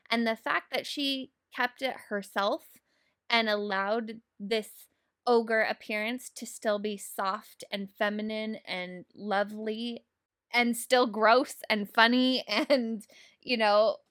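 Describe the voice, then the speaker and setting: A woman in a casual movie discussion, animated, laughing often and swearing freely. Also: on the high side.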